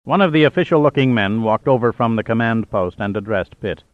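A man narrates an adventure audiobook at a middle pitch, steady and even. The recording is dry and slightly dull in tone. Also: fairly quick, dry recording. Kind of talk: scripted narration.

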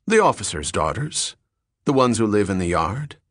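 A man's voice: fairly low pitch, big pitch swings, normal speed, no room sound, studio quality. A man voicing a brash, gossipy young Marine private who speaks bluntly. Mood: cheeky.

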